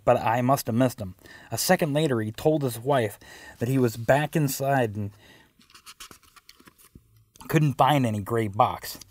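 A man's voice: mid-range voice, no room sound. A man narrating a first-person story in a dry, wry way, voicing the quoted lines himself.

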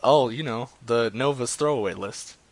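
A man's voice: medium pitch, normal speed, no room sound. A man hosting a live stream, chatting in a rambling, crude, joking way between prank phone calls. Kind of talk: casual profane streaming chat.

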